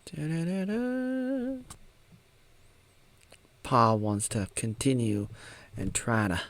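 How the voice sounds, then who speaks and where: A man in his thirties from Oregon talks his way through a film in a loose, joking commentary. His voice sits a little low, and he speaks at an unhurried, drawn-out pace. Now and then he slips into sing-song asides. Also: darkish tone. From Oregon, United States. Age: 30s. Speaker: video maker recapping a film. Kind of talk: casual movie commentary.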